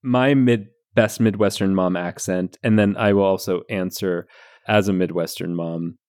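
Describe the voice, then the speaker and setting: A man hosting a podcast, a psychologist chatting playfully with his sister, often halting and restarting. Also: low-pitched, steady tone, darkish tone. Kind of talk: casual chat.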